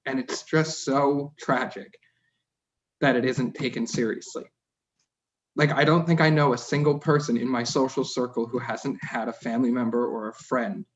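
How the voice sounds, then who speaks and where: A Canadian man speaking as a city councillor at a council meeting, impassioned, his voice rising and breaking off. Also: mid-range voice. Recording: dull lo-fi meeting audio.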